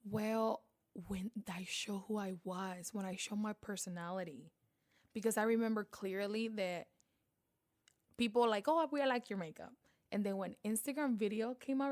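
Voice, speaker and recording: A woman from Panama with a Spanish accent, talking in a relaxed interview. She tells stories with energy and acts out the people she quotes. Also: medium pitch. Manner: animated storyteller, acts out quoted voices. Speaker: guest, beauty vlogger. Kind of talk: casual interview.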